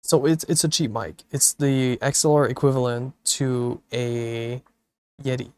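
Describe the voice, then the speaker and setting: Seated at his home streaming rig late at night, a sleepy, laid-back man chats with viewers, often swearing and laughing. His mid-range voice is fairly even, a little slow, darkish, clear and resonant, recorded dry through a desktop mic and mixer.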